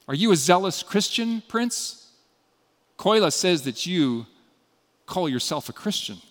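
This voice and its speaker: A man voicing a mocking young male skeptic at a party who taunts loudly. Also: high-pitched, very animated, measured pace, exaggerated voice. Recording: long hall reverb.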